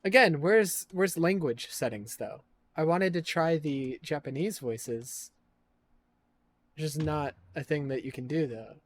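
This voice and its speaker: A man's voice: a little high, a little slow, a little hiss or hum. A man streaming a game live, thinking aloud in a sarcastic, profane, casual way. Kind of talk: casual live gameplay commentary.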